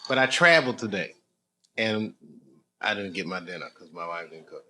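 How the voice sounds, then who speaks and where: A man's voice: low-pitched, lively intonation, normal speed, bright, forceful tone. A middle-aged man, a comedian, joking loosely with people in a live club. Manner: loose, joking, chatty with the audience. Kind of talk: casual crowd banter on stage.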